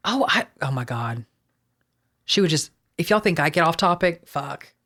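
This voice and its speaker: A chatty woman with a light Texan accent tells personal stories on a podcast, drifting into rambling asides. She swears freely, and her voice sits a bit low for a woman. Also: expressive, moderate pace, a bit bright. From Texas. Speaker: podcast co-host. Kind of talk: casual podcast storytelling.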